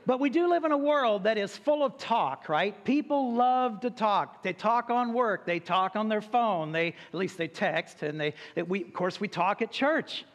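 Pastor, male, higher voice, casual preaching style, ringing church hall. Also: animated, normal speed, few pauses. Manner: prays then tells a joke, conversational preaching. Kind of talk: sermon. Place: church sanctuary. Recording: long hall reverb.

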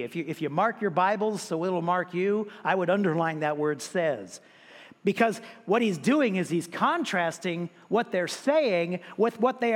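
A man's voice: high-pitched, in a large hall. A pastor preaching a sermon, emphatic, repeating words and raising his voice when he quotes scripture.

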